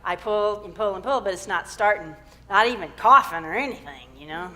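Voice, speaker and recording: A woman's voice: mid-range voice, brisk, sharp tone, long reverb tail, lightly acted. Pompous minister, a little stuffy, as a woman preacher puts him on. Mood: exasperated. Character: slightly pompous male minister.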